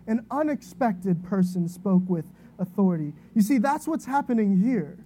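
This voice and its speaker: A woman preaching a sermon in a relaxed, conversational way, telling an illustrative story and often checking in with "right?". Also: mid-range voice, normal speed, a little hiss or hum.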